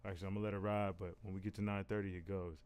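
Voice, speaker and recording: Low-voiced male host, casual rambling motivational talk, candid and profane. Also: little pitch movement, racing, a little mellow, clear, resonant tone. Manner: rambling, repeats "you know what I'm saying". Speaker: reaction video host.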